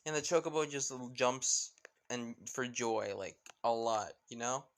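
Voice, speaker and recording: A man's voice: medium pitch, unhurried. A young man casually narrating a fan story, rambling with lots of fillers.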